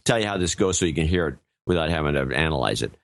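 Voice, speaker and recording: A man co-hosting a podcast, giving casual political commentary and retelling news clips in an animated way. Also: extremely low pitch, rapid-fire, no echo. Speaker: podcast co-host.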